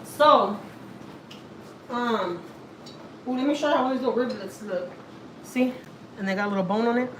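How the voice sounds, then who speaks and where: A woman's voice: fairly high pitch, moderate pace, long pauses, fairly bright tone, slight background noise, rough recording. Chatty woman cooking at home. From Houston, Texas. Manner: chatty, talks straight to viewers, lots of "like" and "y'all". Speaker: family vlogger. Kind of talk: casual cooking vlog. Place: home kitchen.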